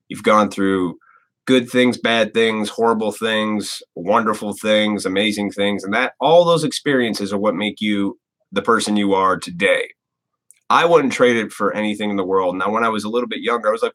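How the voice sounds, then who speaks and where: A man's voice: fairly low pitch, a bit bright. A man of thirty-four hosting a live stream, talking casually in a blunt, profane, rambling way. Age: 30s. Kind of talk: casual ranting monologue.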